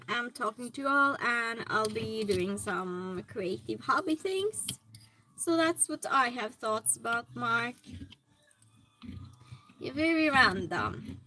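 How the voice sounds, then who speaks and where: A woman's voice: a little high, bright, forceful tone, poor audio. A woman hosting a hobby livestream from her home hobby room, chatting casually and greeting viewers by name as she reads their comments.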